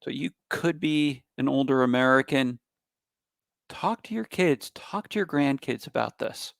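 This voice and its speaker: A man giving a cybersecurity talk in an emphatic, animated manner, with bursts of loud stress. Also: mid-range voice, measured pace, gravelly, dry recording, clean studio sound. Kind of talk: public presentation.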